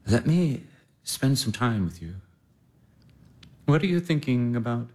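An actor playing an earnest, lovestruck young baron in a stage drama. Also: male voice, mid-range voice, sing-song, measured pace, darkish tone. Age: young adult.

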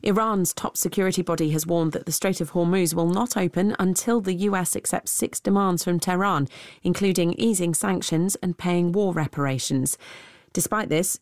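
Low-voiced female radio newsreader. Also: no echo, studio quality. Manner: crisp, even, formal delivery. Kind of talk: news bulletin reading. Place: radio studio.

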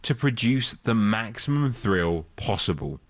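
A man giving scripted documentary narration as the presenter, with a lively, expressive delivery. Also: lowish voice, measured pace, no room sound.

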